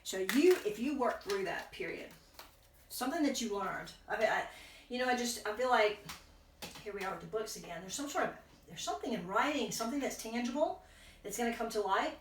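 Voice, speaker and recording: A woman's voice: on the high side, expressive, fairly quick, slight background noise. Woman doing a tarot reading, chewing gum, kinda far from the mic in an echoey room. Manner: rambling, self-correcting, thinking aloud. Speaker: tarot reader. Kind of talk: casual tarot reading to camera.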